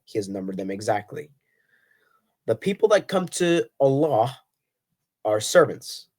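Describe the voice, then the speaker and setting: A man talks straight to his viewers, reading scripture passages aloud and picking them apart. He argues with pointed rhetorical questions and leans hard on key words as he reads. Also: a little mellow. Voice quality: voice cracks on high notes. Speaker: Christian apologetics video host. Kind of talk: solo explainer reading and arguing over scripture.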